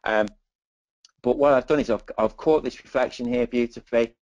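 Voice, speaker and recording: A man's voice: medium pitch, moderate pace, darkish tone, dry recording, muffled recording. A man teaching dog photography in a webinar, chatty and enthusiastic, with many asides like "okay". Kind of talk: presenting slides in a webinar.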